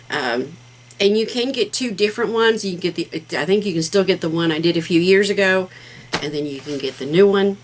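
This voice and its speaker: A middle-aged woman hosts a casual craft vlog, rambling warmly and heartfeltly with lots of fillers. Her voice is medium-pitched and fairly bright, and the recording is rough.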